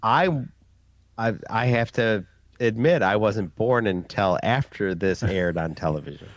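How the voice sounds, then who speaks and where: A man's voice: lowish voice, expressive, unhurried, no room sound. A man in his forties in a casual chat, talking in a chatty way and often correcting himself.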